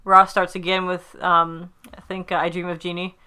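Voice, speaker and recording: Woman chatting casually, rambling with fillers, bright ringing voice, slightly low pitch. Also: level tone, moderate pace, clean tone. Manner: chatty, rambling with many fillers, acts out quotes. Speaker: podcast co-host recapping a sitcom episode. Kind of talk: casual chat.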